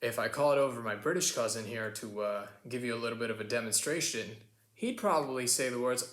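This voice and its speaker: A man's voice: medium pitch, a little fast, a bit bright, reverberant. An American man teaching a casual pronunciation lesson, explaining sounds and repeating them as examples. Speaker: accent teacher.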